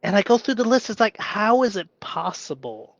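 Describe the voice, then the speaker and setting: A man in a reflective solo live stream who thinks aloud with pauses and restarts, then breaks into bursts of excited cheering. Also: high voice, no room sound, dull audio. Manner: slow and musing, with sudden bursts of excited cheering.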